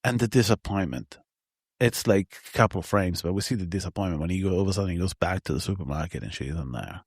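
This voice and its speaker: A man co-hosting a film podcast in casual conversation, animated, laughing through his stories and swearing often. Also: deep voice, quick pace, dry recording, clean studio sound.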